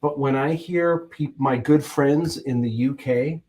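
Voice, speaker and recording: A man's voice: mid-range voice, a little slow, a little mellow. A man hosting a livestream, chatting casually in a rambling, self-mocking way. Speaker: host.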